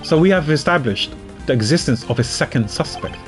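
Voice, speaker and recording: A man voicing a composed male prosecutor who speaks in a measured, formal way. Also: on the high side, animated, faint music behind, natural voice.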